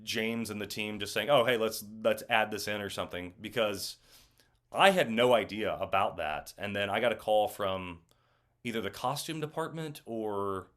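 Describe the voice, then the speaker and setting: A young man with a fairly low voice chats as an interview guest. He tells his stories in an animated, casual way, full of fillers and acted-out quotes. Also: normal speed. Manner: animated storyteller, acts out quotes. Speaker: actor guest.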